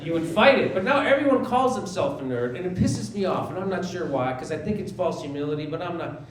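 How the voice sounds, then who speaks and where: A man's voice: sits high, animated, fast, crowd noise. A man in his forties doing a stand-up comedy set on a theater stage, sarcastic and incredulous, acting out dialogue in mock voices. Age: 40s. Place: small theater stage with a live audience. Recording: roomy live theater sound with audience laughter.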